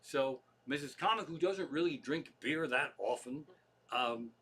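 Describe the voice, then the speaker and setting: A man's voice: medium pitch, animated, a little slow, fairly bright tone, husky. Profane, chatty Pennsylvania man. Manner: profane, chatty, loose asides. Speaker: comedian hosting a livestream. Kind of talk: rambling comic storytelling. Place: living room.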